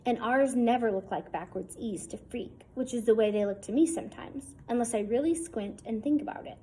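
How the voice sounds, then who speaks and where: A woman's voice: a little high, fairly quick, mellow, slight background noise, low-quality recording. Woman reading a wry, casual first-person story. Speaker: audiobook reader. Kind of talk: first-person novel narration.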